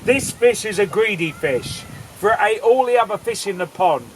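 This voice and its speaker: A man's voice: high-pitched, expressive, moderate pace, slight background noise. A man voicing an earnest, foolish villager who explains himself matter-of-factly.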